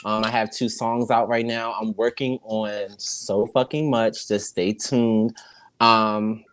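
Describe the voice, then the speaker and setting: A man's voice: on the low side, little pitch movement, takes it slowly, a bit bright, a little hiss or hum. A young man from the DMV area of the US, a podcast guest speaking articulately and upbeat in casual chat.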